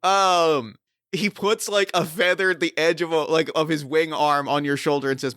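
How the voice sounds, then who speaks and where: A man hosting a tabletop role-play podcast as game master, laughing often and talking in an excitable way. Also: fairly high pitch, normal speed, dry recording, clean studio sound.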